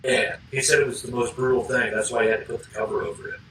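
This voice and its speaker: A man co-hosting a podcast, talking in a relaxed, rambling way and sometimes searching for words. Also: mid-range voice, quick pace, noisy background. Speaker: podcast co-host. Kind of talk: casual chat. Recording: roomy, mic a bit distant.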